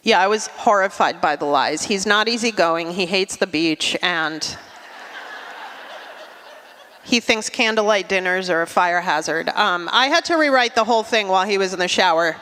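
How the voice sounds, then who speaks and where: Deadpan Russian-born woman comedian. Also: mid-range voice, moderate pace, slight background noise. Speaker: stand-up comedian. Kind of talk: stand-up comedy set. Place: large theatre stage. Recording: live theatre hall reverb.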